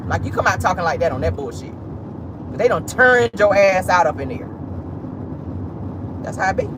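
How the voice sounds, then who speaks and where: Brief: lively, bawdy gossip host talking from a car, street noise behind. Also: medium pitch, normal speed, pauses often. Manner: animated, bawdy, laughing asides with "honey" and "child". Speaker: vlogger host. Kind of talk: casual celebrity-gossip commentary. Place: parked car. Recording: noisy car interior.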